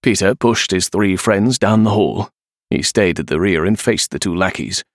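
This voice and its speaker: A man narrating an adventure story in an expressive, animated way. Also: sits low, normal speed, dry recording, clean studio sound. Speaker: audiobook narrator. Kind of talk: scripted narration.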